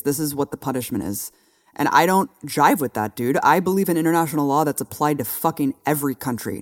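A woman's voice: low-pitched, dry recording, clean studio sound. A woman co-hosting a casual political talk show, speaking in an impassioned, blunt way and swearing now and then. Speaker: co-host.

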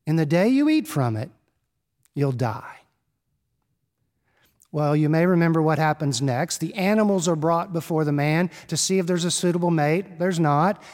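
Guy giving a sermon, kinda high voice, easygoing and joking around, big echoey church. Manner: conversational and wry, with playful asides. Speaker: preacher. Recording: long reverb of a large hall.

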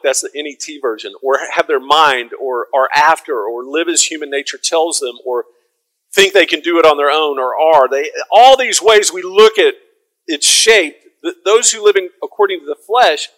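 A man preaching a sermon, conversational and casual, then rising to loud proclaiming. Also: a little high, normal speed, low-quality recording. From American South. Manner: conversational, swings from soft asides to loud proclaiming.

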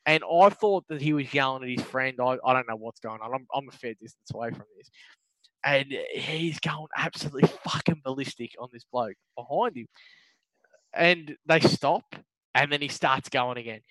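A man's voice: mid-range voice, moderate pace, a bit bright, no echo. An Australian man co-hosting a podcast, telling stories in casual chat, laughing and swearing a lot. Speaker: podcast co-host.

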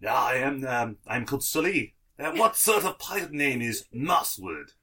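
A man's voice: mid-range voice, big pitch swings, measured pace, bright, forceful tone, far from the mic. A man voicing a teasing young male pirate who mocks a newcomer's name, in a tabletop game.

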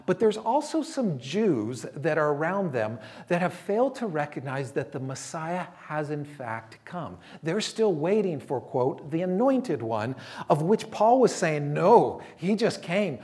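A man's voice: fairly high pitch, big pitch swings, a little slow, a little mellow. A man preaching a sermon as a pastor, conversational and storytelling, voicing quotes from people he talks about.

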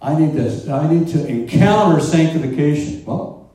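A man preaching a sermon, animated and conversational, asking the congregation questions and joking along the way. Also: a little high, moderate pace. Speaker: pastor. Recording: roomy echo, distant mic.

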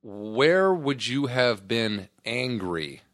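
A man's voice: medium pitch, sing-song, extremely slow, a bit bright. A man hosting a podcast, joking and teasing his guest with plenty of profanity. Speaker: podcast host. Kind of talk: casual chat.

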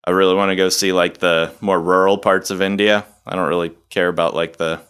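A young man chatting casually as a podcast co-host, relaxed, rambling and swearing freely. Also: low-pitched, fairly quick, clear, resonant tone. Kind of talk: casual chat.

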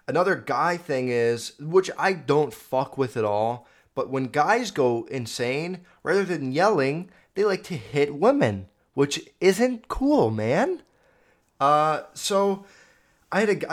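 A young man hosting a podcast, telling stories in a rambling, profane, self-correcting way. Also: a little high. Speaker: podcast host. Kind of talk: casual storytelling monologue. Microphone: video podcast mic.

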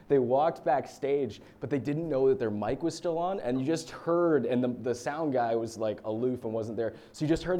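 Chatty man preaching, mellow voice. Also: mid-range voice. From United States. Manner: chatty storytelling with fillers and laughs. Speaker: pastor. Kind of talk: casual sermon.

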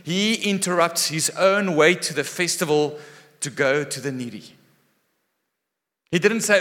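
Animated preacher in an echoing hall. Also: male voice, a little high, unhurried. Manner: animated, dramatic shifts between loud and hushed. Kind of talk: sermon. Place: church hall. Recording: long echo of a large hall.

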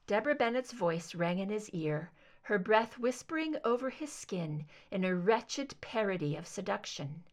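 A woman reading fan fiction aloud with expressive narration. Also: medium pitch, moderate pace. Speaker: reader.

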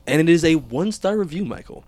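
A man's voice: fairly high pitch, animated, fast talker, a little mellow, no echo. A man hosting a podcast, chatting casually, reading listener reviews aloud and laughing often. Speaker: podcast host.

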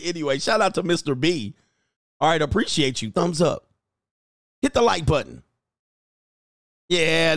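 A man's voice: high voice, a bit bright, no echo, studio quality. A man hosting a show, chatting casually as he reads viewer comments aloud, exclaiming and laughing often. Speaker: host and coach.

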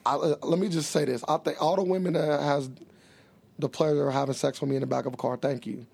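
A man's voice: on the high side, steady tone, fast, creaky, darkish tone, breathy edge. A man co-hosting a podcast, chatting casually with boisterous, crude jokes and frequent laughter. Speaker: podcast co-host.

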